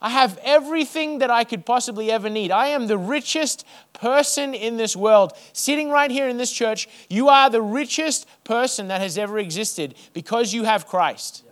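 High-voiced man preaching a sermon. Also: normal speed, few pauses. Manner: repetitive, rhythmic preaching that drops to a soft hush. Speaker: pastor.

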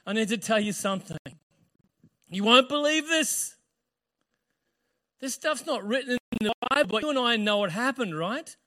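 A man voicing a young woman, Mary, breathless and rushing her words in a sermon retelling. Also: very high voice, expressive, sharp tone, pitched above the performer's own voice, heavily acted. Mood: excited.

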